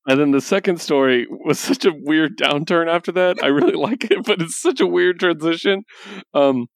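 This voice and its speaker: A man co-hosting a comic book podcast, recapping issues in a relaxed, chatty way and laughing as he retells scenes. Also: on the high side, moderate pace, no echo, studio quality. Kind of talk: casual chat.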